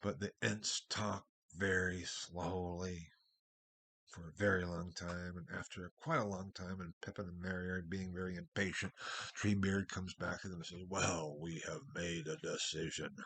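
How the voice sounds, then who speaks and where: A man giving a recorded university history lecture, talking in a discursive way with wide swings in loudness and a husky voice. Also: low voice, little pitch movement, normal speed.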